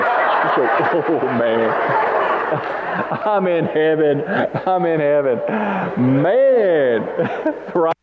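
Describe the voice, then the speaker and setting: A man preaching a sermon, telling stories with lively emphasis and asking the congregation to repeat after him. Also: a little high, slight background noise. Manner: animated storytelling, laughs, calls for audience response. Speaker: pastor. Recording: muffled sound with long hall reverb.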